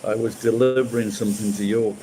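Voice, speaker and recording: A man's voice: lowish voice, fairly even intonation, quick pace, dark tone, a little hiss or hum, poor audio. A man from Sheffield with a Sheffield accent, chatting casually with viewers on a livestream and rambling with frequent restarts. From Sheffield, England. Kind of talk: casual chat.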